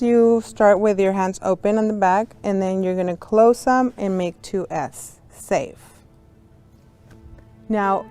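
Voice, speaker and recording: Woman interpreter leading a kids' sign language class; average pitch, slow and patient. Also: mellow, clean tone. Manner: patient, explains step by step to young students. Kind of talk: teaching a beginner sign language lesson.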